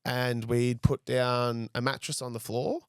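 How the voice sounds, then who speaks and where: A man's voice: mid-range voice, fairly even intonation, unhurried, clean tone, no echo, clean studio sound. A young man, telling a story as a podcast guest in a casual, rambling way. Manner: rambling, frequent "like" and "I was like".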